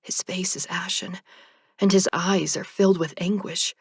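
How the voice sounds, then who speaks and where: A woman narrating an audiobook in the first person with a measured, soft delivery. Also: on the low side, steady tone, creaky, slightly rough, dry recording, clean studio sound.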